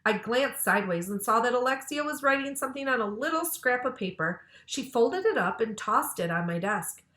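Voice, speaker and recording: Librarian reading kids' chapter book aloud, bright and expressive, roomy echo. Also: female voice, a little high, a little fast. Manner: lively, expressive.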